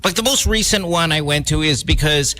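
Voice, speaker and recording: A man's voice: on the high side, brisk, pushed and bright. A middle-aged man hosting a radio morning show, teasing his co-host in casual, playful banter. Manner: teasing, playful, jokes and laughs often.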